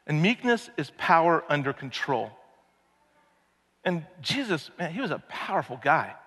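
A man's voice: fairly high pitch, moderate pace, breathy edge. Casual preacher man in a reverberant hall. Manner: casual, animated, keeps asking the audience rhetorical questions. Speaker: pastor. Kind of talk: conversational sermon. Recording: long reverb of a large hall.

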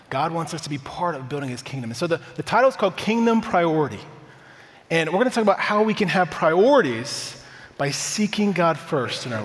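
A man in his thirties, a pastor, giving a conversational, upbeat sermon to a church congregation with personal stories. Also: on the high side. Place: church sanctuary. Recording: reverberant church hall.

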